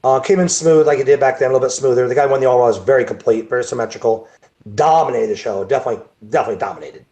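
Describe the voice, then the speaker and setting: This bodybuilding show promoter speaks rapid-fire in a medium-pitched, darkish voice, telling a rambling video-call story where words repeat and sentences restart, in the manner of a casual interview.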